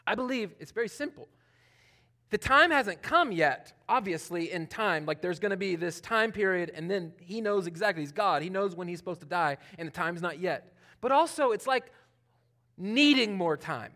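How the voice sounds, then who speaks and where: A man preaching a conversational sermon, talking informally with many fillers and swinging between loud emphasis and hushed asides. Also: sits high, lively intonation, normal speed. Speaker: pastor.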